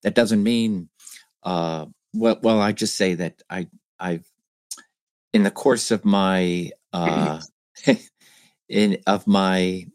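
A male podcast co-host in casual chat, thoughtful and halting, restarting his sentences often. His voice is very low and sounds close and dry. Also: fairly even intonation, a little mellow, clear, resonant tone, dry recording. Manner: hesitant, many restarts, thoughtful.

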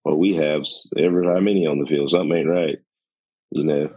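A man co-hosting a casual sports chat, giving measured opinions with frequent "you know" fillers. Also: very deep voice, steady tone, darkish tone, breathy edge, no room sound.

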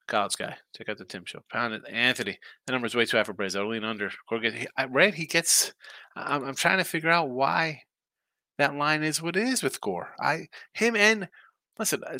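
A man hosts a casual live stream of sports picks, wandering from one game to the next and answering chat as he goes. His voice is bright and forceful at an average pitch. The sound is dry and close, with no room around it. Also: dry recording. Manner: rambling, thinking aloud, reacting to chat comments. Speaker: sports betting picks host.

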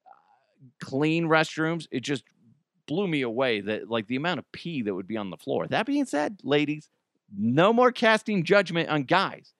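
A man's voice: fairly high pitch, dry recording, studio quality. A man hosting a comedy news podcast, talking in a casual joking way with sudden swearing outbursts, at home. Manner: animated, swears, jokey outbursts. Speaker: podcast host.

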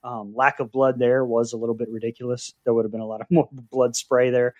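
A man's voice: medium pitch, level tone, brisk, dry recording, highs cut off. A man co-hosting a film review podcast, giving casual opinions with hedges and frequent fillers. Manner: hedging, many "uh" fillers. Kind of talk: casual chat.

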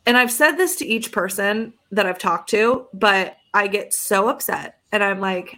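Young woman on a podcast, chatty storyteller, does the voices of people she talked to, mid pitch. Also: unhurried, few pauses. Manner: animated, acts out both sides of phone calls. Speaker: podcast co-host. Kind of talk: casual storytelling chat.

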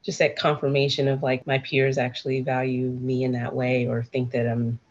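A woman's voice: rumbling low, completely flat delivery, normal speed, lo-fi sound, slight background noise. A woman hosting a casual interview, asking questions, laughing often and affirming her guest. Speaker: podcast host, interviewer.

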